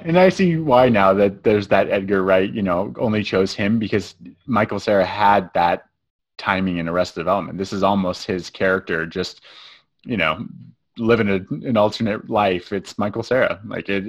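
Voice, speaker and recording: A man co-hosting a film review podcast, chatting casually and rambling with many restarts. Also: lowish voice.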